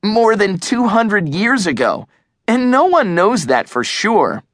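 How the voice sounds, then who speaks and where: A male narrator plays a sensible boy who has run out of patience, for a storybook. He pitches up above his own voice with lively ups and downs. The sound is close and dry. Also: unhurried, no room sound, heavily acted. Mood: exasperated. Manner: exasperated, matter-of-fact. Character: level-headed boy, impatient and sarcastic. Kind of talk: audiobook character voice.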